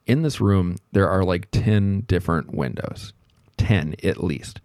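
A man with a very low voice tells a story from his own working life, looping back on himself and poking fun at himself. The sound is close and dry, with no room around it. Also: unhurried, a little mellow, dry recording. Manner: rambling, self-deprecating, reflective, many fillers. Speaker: podcast host telling a work story. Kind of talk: casual storytelling monologue.

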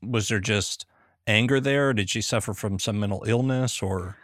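A man's voice: lowish voice, normal speed, fairly bright tone, no echo, studio quality. A man with a Southern American accent hosting a podcast, asking easygoing questions in casual chat. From Southern United States. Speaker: podcast host.

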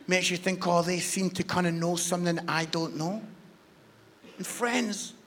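Male guest preacher with a very high, sharp voice, fervent, with hush-to-shout swings. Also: steady tone, measured pace, a little hiss or hum. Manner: passionate, swinging from hushed near-whispers to shouts. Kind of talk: sermon. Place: church service.

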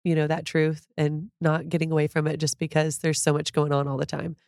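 A woman in her thirties who creates food content appears as a guest on a podcast, speaking in a low, completely flat voice at a slightly fast pace. The recording is clean studio sound with no room sound. In this conversational interview she is warm, open and heartfelt, uses fillers, and sometimes becomes emotional.

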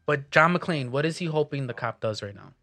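A man's voice: a little high, animated, fairly quick, pushed and bright, no room sound. A man in casual chat while watching a movie with friends, talking in a chatty, questioning way.

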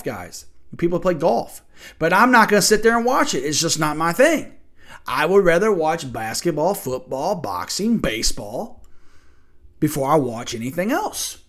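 A man's voice: fairly high pitch, fairly bright tone. Profane, blunt man ranting as host. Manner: argumentative, asks rhetorical questions. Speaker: podcast host. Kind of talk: opinionated sports rant.

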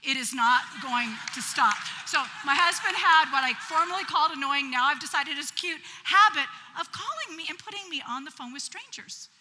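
A woman telling a humorous story as she preaches, in a lively, chatty, self-mocking way. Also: high-pitched, normal speed, hardly any pauses, slight background noise. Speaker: preacher at a women's conference. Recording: long hall reverb.

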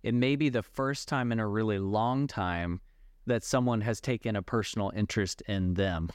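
A man's voice: fairly low pitch, normal speed, clean tone, dry recording, studio quality. A man hosting a podcast interview, speaking in an affirming, reflective way. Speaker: podcast host.

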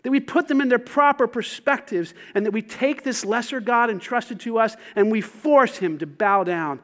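Pastor guy preaching, really high voice, goes loud then real quiet. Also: normal speed. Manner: dynamic preaching, swings from loud to hushed. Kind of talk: sermon.

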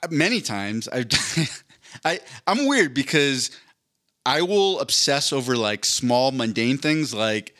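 A man's voice: mid-range voice, lively intonation, takes it slowly, pushed and bright. A man in his thirties, a podcast co-host rambling casually through a long story, with lots of asides. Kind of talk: casual chat.

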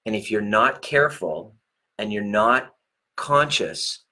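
A man's voice: fairly low pitch, lively intonation, takes it slowly, sharp tone. A middle-aged man coaching viewers in a casual, profane monologue, laughing often. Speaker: relationship coach and chiropractor.

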